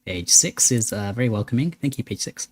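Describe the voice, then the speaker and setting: A man's voice: mid-range voice, lively intonation, fairly quick. A man hosting a gaming video, playfully reading a horror game's text aloud between jokey asides. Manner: playful, reads narration dramatically with laughs and asides. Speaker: gaming channel host. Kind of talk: let's play commentary reading game text aloud.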